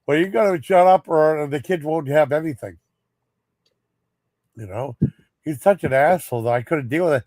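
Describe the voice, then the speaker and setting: A man on a live stream rambles through a long grievance, swearing freely and circling back on himself. His voice sits a little high for a man. The sound is close and dry, with no room around it. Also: normal speed, pauses often, darkish tone, no room sound. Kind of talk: casual storytelling chat.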